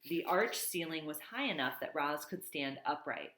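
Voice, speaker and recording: Low-voiced woman reading a novel aloud. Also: animated, normal speed, fairly bright tone, roomy sound, rough recording. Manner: plain reading with slips and self-corrections. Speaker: reader.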